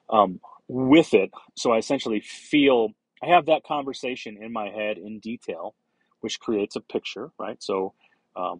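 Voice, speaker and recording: Husky low-voiced man rambling on a podcast. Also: no room sound, poor audio. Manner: rambling, lots of fillers and restarts, swears casually. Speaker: podcast host. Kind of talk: casual solo podcast monologue.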